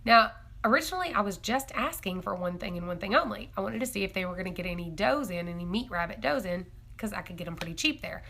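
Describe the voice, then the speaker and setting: A young woman hosts a casual homestead live stream. Her voice is bright and ringing, and she chats along with frequent giggles while answering viewer comments. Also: mid-range voice, animated, fast talker, creaky. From East Tennessee. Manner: chatty and giggly, reads viewer comments aloud. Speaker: homestead livestream host.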